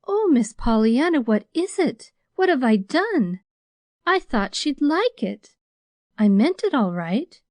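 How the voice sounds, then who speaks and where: A woman voicing a warm-hearted former maid who soothes and pleads in homely speech, in a storybook reading. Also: sits high, very animated, takes it slowly, no room sound, studio quality, pitched above the performer's own voice, exaggerated voice. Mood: dismayed.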